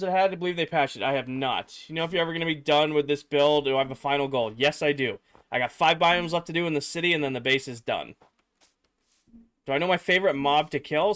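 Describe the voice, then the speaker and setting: Tired, chatty male streamer. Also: a little high. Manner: relaxed, chatty, reads chat aloud and mutters while building. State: tired after a workday. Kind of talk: casual livestream chat.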